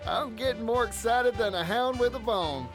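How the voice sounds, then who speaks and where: An actor voicing a cheerful, folksy traveling merchant with a Southern American accent in a video game. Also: male voice, very high voice, unhurried, over music. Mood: upbeat. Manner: folksy, eager and friendly. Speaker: game character.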